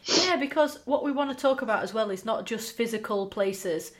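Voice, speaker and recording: A woman's voice: on the high side, moderate pace. A woman co-hosting a casual chat, teasing and blunt as she prompts her partner. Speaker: podcast co-host.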